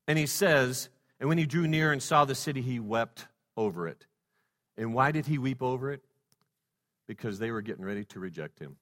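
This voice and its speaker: A male pastor preaching a sermon, swinging from loud exhortation to hushed softness and stacking rhetorical questions. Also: mid-range voice. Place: church sanctuary. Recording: long reverb in a church hall.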